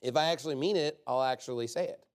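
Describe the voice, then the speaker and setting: A man's voice: medium pitch, fast talker. A man preaching a sermon in an emphatic, conversational way, often asking rhetorical questions.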